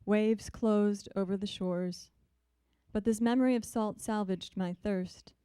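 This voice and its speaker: A woman poet reading her poems in a measured, deliberate way, with soft, hesitant asides between them. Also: mid-range voice, fairly even intonation, clear, resonant tone, dry recording. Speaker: visiting poet. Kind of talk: poetry reading.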